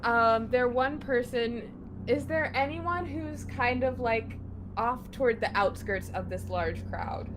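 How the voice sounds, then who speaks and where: A woman playing a tabletop game, excitable and laughing, with hesitant restarts. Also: a little high, slow, noisy background. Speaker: player.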